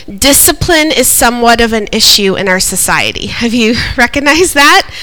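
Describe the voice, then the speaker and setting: A woman, preaching a sermon in an animated way, laughing often and calling for responses from the congregation. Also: a little high, moderate pace, rough recording.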